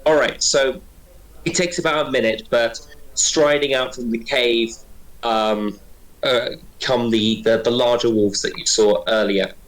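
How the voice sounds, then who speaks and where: A man narrating as game master, talking quickly and chattily with many fillers. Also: medium pitch, steady tone, poor audio.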